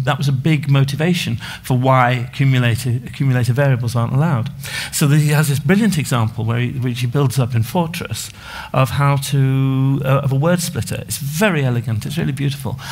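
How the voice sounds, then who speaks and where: A man giving a conference talk as a book author, explaining with many restarts and fillers. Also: medium pitch.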